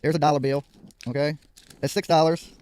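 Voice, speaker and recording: A man's voice: a little high, steady tone, brisk, darkish tone, clean tone. A man hosting a livestream in casual chat, joking, laughing often and swearing freely. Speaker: livestream host.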